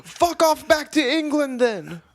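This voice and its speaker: Guy doing an old greek dude yelling his head off, way high and loud. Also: big pitch swings, measured pace, full character voice. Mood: furious. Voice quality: shrill screaming rant. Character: furious old Greek local man.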